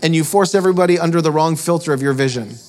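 A man's voice: on the high side, rapid-fire, a little mellow. A man preaching a storytelling sermon, chatty and self-mocking, often laughing at his own story. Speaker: preacher and author.

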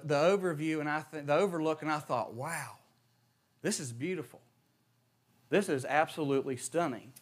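A man's voice: sits high, a bit bright. A young man from West Virginia, preaching a sermon. He reads scripture, leads a prayer and tells a personal story, building emphasis as he goes. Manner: reads scripture, prays, then tells stories with rising emphasis.

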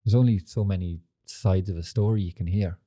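Rambling, sweary young man, mellow voice. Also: low voice, fairly even intonation, a little fast. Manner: rambling and sweary, full of fillers. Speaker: podcast host. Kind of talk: casual chat.

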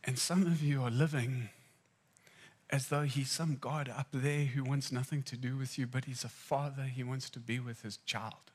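A man from Zimbabwe preaching a sermon, telling personal stories and swinging between hushed and loud moments. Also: mid-range voice, steady tone, moderate pace, husky.

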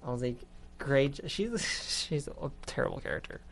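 A woman's voice: a bass voice, huge pitch swings, normal speed, creaky, a little hiss or hum. A young woman co-hosting a casual student radio show, rambling with lots of fillers and giggles. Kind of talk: casual scripted radio chat.

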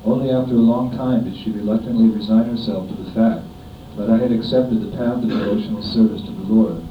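A middle-aged man reads a devotional homage letter aloud in a measured, solemn way. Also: steady tone. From United States. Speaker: disciple reading a homage letter. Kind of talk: reading a written devotional offering aloud. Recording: dull, echoey, distant room recording with faint rumble.

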